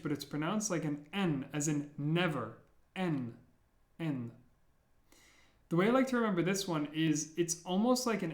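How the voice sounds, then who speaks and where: A man with a fairly high voice walks beginners through an alphabet, sounding out each letter slowly and saying it again. His voice carries the echo of a bare room. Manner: repeats sounds slowly and clearly. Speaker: language teacher. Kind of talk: slow, careful alphabet lesson.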